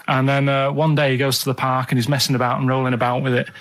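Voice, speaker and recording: A man's voice: medium pitch, little pitch movement, quick pace, a bit bright. A man with a Northern English accent, telling a story in a plodding, matter-of-fact way as a regular on a radio show in a studio. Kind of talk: casual storytelling.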